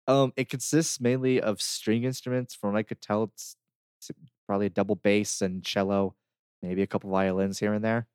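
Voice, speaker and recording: Brief: man, lower voice, relaxed podcast co-host, dry close sound, chatty with fillers. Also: normal speed, clear, resonant tone, no room sound. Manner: easygoing, laughs often, many fillers. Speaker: podcast co-host reviewing games. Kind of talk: casual chat.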